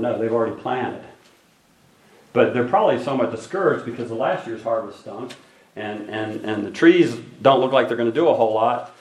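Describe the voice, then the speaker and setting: A man's voice: medium pitch, darkish tone. A man preaching a conversational sermon to his congregation, acting out voices now and then. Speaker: pastor.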